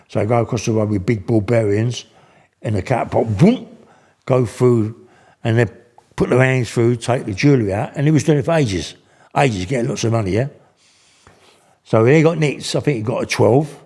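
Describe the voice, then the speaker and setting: An older man tells a story in loose, slangy speech, restarting his sentences often. His voice sits at an ordinary middle pitch. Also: warm tone. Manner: rambling, slangy, full of restarts. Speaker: guest. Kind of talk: casual storytelling.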